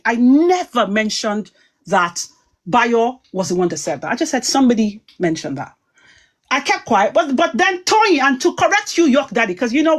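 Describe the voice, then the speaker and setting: Agitated woman ranting on a livestream. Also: on the high side. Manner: agitated, emphatic, rambling. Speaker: online commentator. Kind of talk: heated livestream talk.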